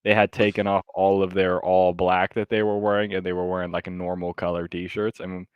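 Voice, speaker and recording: A man co-hosting a podcast, telling a story in casual, animated chat with lots of fillers and some swearing. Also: low-pitched, brisk, smooth, no room sound, highs cut off. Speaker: podcast co-host.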